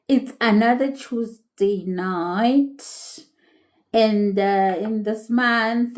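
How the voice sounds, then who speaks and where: A woman's voice: fairly high pitch, warm tone. A woman hosting a casual livestream chat, chatty and teasing, switching between languages. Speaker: host. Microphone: webcam or phone.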